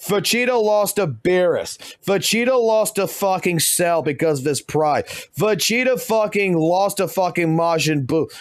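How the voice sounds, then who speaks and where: A man's voice: sits high, lively intonation, a little slow. A man who streams games, ranting heatedly and swearing constantly. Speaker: game streamer. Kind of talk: profane gaming rant.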